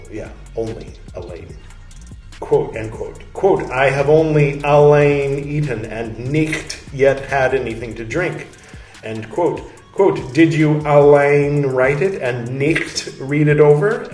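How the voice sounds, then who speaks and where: A man's voice: medium pitch, darkish tone, recorded from a distance. A man hosts a podcast, reading an old text aloud and calling out every quotation mark as he goes. Between readings he talks in a loose, candid way. He sits back from the mic in an echoey room, and faint music plays underneath. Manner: reads with spoken "quote" and "end quote" markers; candid, chatty asides with fillers. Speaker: podcast host. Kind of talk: reading a historical text aloud, then casual commentary.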